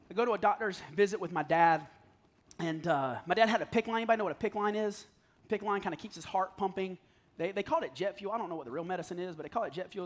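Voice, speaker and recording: A man in his thirties preaching to his congregation, candid and raw, dropping to a hush and then rising to loud pleading. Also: sits high. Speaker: pastor. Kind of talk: sermon. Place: church hall.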